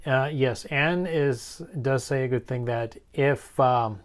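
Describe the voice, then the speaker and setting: A man co-hosting a live craft stream, casually reading viewer comments aloud and chiming in with his own remarks. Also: mid-range voice. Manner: relaxed, reads comments aloud and chimes in.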